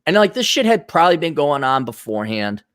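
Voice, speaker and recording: Animated, profane man ranting on a podcast. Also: a little high, fairly quick. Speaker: podcast host. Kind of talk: casual podcast chat.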